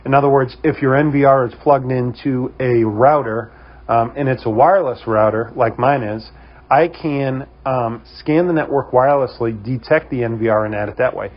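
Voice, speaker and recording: Brief: male host, New England accent, husky voice, casual tutorial delivery, dull lo-fi sound. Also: medium pitch, moderate pace. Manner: relaxed, many "um" fillers. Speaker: host of a security camera company channel.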